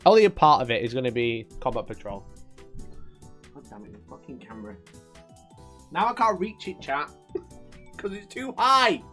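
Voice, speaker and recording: A man's voice: medium pitch, very animated, normal speed, long pauses, fairly bright tone, faint music behind. A man hosting a live stream, chatting casually with his viewers and trading sweary, mock-angry banter with them.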